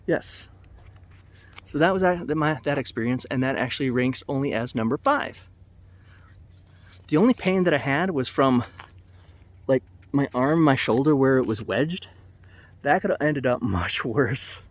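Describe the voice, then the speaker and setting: A man's voice: mid-range voice, lively intonation, unhurried, pauses often. A middle-aged man vlogging, telling a casual, rambling story to the camera. He corrects himself as he goes and chuckles at his own mishaps.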